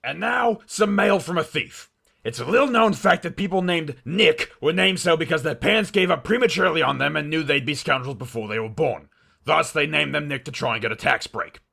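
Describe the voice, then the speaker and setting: A man's voice: fairly high pitch, expressive, brisk, vocal fry, bright, forceful tone, husky, exaggerated voice. A man voicing a brash, boastful Australian company boss who reads out fan mail in character with a blustering, self-important manner. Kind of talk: comedic mail reading in character.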